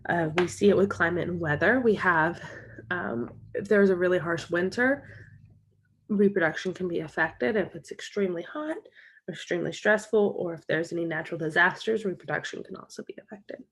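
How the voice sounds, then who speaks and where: A woman's voice: lowish voice, fairly quick, husky. Woman giving a recorded college lecture. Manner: explanatory, steady, recapping key points. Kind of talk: recorded lecture walking through slides.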